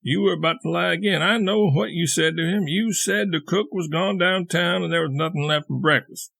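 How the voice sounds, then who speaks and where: A man voicing a small, contemptuous, moldy male dwarf who speaks in a slow sneering drawl. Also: high voice, vocal fry, fairly bright tone, pitched above the performer's own voice, full character voice. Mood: accusing.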